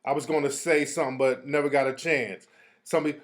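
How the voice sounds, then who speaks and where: A man's voice: on the high side, normal speed, pauses often, pushed and bright. A man hosting his own show, ranting casually and profanely while reading out text messages. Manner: profane, heated, reading texts aloud. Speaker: show host. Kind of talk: casual live rant.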